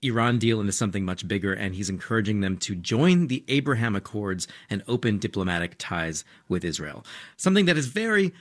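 Low-voiced male correspondent explaining calmly. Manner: measured, explanatory, with frequent "uh" fillers. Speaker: news correspondent. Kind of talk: conversational news debrief.

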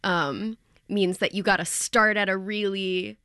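A woman stage actor talks about her role in a lively, casual way, often pausing to search for words. Her mid-pitched voice is recorded close and dry. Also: smooth, no room sound. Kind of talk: casual interview answers.

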